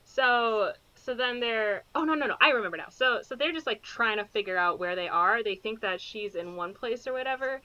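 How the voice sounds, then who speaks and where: Podcast co-host, woman, bright and a bit high, rambling plot recap on dull lo-fi audio. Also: moderate pace, hardly any pauses. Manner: rambling, full of fillers, acts out characters' lines. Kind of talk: casual chat recapping a movie.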